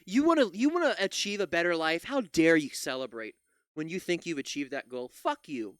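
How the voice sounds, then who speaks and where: A man's voice: a little high, animated, a little fast, a bit bright, clear, resonant tone, no echo. Heated, profane young man ranting. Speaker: political commentator reacting to clips. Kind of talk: angry reaction commentary.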